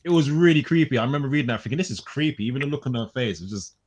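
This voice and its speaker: A young man co-hosting a casual chat, retelling a story in a rambling, animated way. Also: mid-range voice, very fast, breathy edge. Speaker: co-host of a comic podcast.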